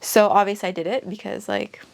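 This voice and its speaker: A woman's voice: mid-range voice, steady tone, brisk, vocal fry. Chatty young woman telling a story. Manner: chatty, peppered with "like". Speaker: vlogger. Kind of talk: casual storytelling.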